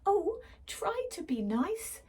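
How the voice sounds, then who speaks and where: A woman voicing a frightened, trembling male lion in a storybook reading, with a high, shaky, pleading voice. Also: big pitch swings, takes it slowly, darkish tone, far from the mic, full character voice. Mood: whimpering.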